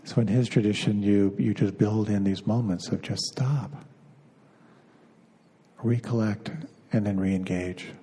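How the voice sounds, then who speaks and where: A man giving a dharma talk as a meditation teacher, gentle and unhurried, pausing often and repeating words as he searches for them. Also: lowish voice, steady tone, slight background noise. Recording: long hall reverb.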